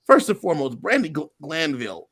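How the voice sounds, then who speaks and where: A man's voice: a little high, brisk, husky. A man co-hosting a casual podcast, animatedly retelling a reality show and acting out quotes. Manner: animated storyteller, acts out quotes. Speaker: podcast co-host.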